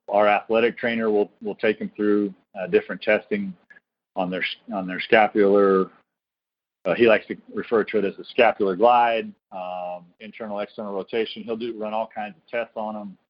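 The voice sits a little low, and the dull, lo-fi sound takes the sparkle off the top end. He is a college baseball coach talking in an earnest, reflective way, circling back and restarting phrases as he tells stories in a podcast interview. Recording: dull lo-fi recording.

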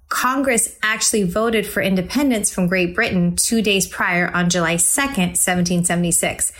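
A woman's voice: mid-range voice, fairly bright tone. A young adult woman hosting her own podcast, chatting casually and cheerfully as she shares fun facts. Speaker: podcast host. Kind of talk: casual solo podcast chat.

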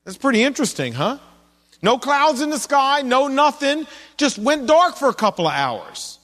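A man's voice: very high voice, sing-song, normal speed, fairly bright tone, long reverb tail. A man preaching a sermon in a conversational way, asking his listeners questions as he goes. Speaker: pastor.

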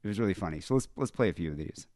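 A man's voice: deep voice, rapid-fire, background noise. A man hosting a podcast, talking casually and rambling with many restarts. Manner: relaxed, rambling, restarts often. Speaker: podcast host. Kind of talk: casual chat.

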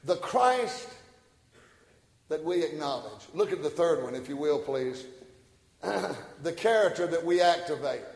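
A preacher with a high voice delivers his sermon in a big sanctuary. He drops to easy, joking asides and then climbs to full-throated shouts. The room is roomy, and each line trails off in a long reverb. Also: expressive, unhurried, vocal fry, long pauses. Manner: preaching that swings from quiet asides to shouted climaxes; folksy and joking. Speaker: pastor. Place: church sanctuary. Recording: echoey hall, church room.

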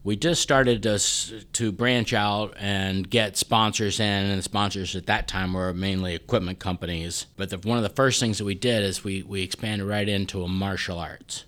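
A man, the festival's president, telling its history in a relaxed interview, slipping into the voices of the people he quotes. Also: fairly low pitch, normal speed, few pauses. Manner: relaxed storyteller, voices quotes, frequent restarts. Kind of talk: conversational interview storytelling.

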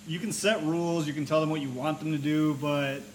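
A man co-hosting a casual podcast chat, putting in wry quick comments and questions. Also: fairly high pitch, fairly even intonation, slight background noise, rough recording. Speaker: podcast co-host.

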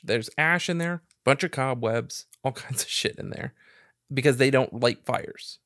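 A man's voice: mid-range voice, measured pace, a bit bright, dry recording, studio quality. A man telling a long story in casual, profane chat, laughing as he goes.

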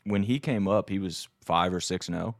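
Podcast host guy, super low voice, dry close sound, chill and chatty. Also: normal speed, vocal fry, no echo. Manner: relaxed, reacts often, says "like" a lot. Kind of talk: casual podcast chat.

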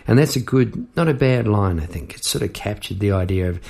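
A middle-aged man talks over his songwriting in a loose, rambling way, full of fillers and asides. His voice sits low with a rough, gravelly fry. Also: lively intonation, a little fast, darkish tone. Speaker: podcast host and songwriter. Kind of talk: reflective casual talk.

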